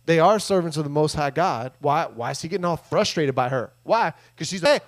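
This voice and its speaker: A man's voice: fairly high pitch, fairly quick. A man preaching a casual, jokey sermon in a church room, acting out the people in the story. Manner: jokey, animated, acts out quoted voices. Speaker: pastor.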